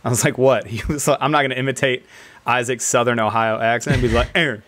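A man's voice: mid-range voice, fast. Guy telling a story to the bros, laughing a lot, does little voices for the other guys. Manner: animated, laughs often, acts out other people's lines. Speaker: podcast co-host telling a military story. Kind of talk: casual storytelling among friends. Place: indoor team room.

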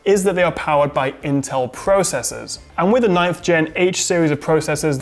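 A British man hosting a tech review, briskly explaining laptop specs in scripted narration. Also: on the high side. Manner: brisk, spec-heavy explaining.

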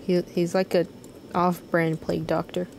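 Woman streamer, American accent, rambling and swearing, low mellow voice, faint background hum. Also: level tone, normal speed, gravelly. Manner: rambling, chatty, swears freely, reads chat aloud. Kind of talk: casual live-stream commentary.

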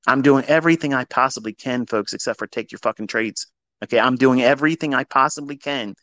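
Speaking in a mid-range, steady tone at a moderate pace, this man leads a live trading lesson with bluntness and plenty of profanity. He swings between forceful, loud emphasis and quieter asides, with no room sound on the audio.

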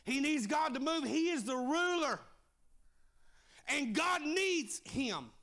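High raspy-edged preacher guy, voice swinging all over, hollering a revival sermon w lots of uh's. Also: expressive, slow pace. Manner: shouting, sing-song preaching with "uh" beats. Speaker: pastor. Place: church service.

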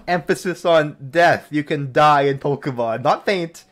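An excitable young man gives running commentary while he plays a video game. His voice sits a little high and swings widely in pitch as he yelps, laughs and shouts. He often mocks what the characters say. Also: a little slow, faint music behind. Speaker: gaming streamer. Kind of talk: casual let's-play commentary.

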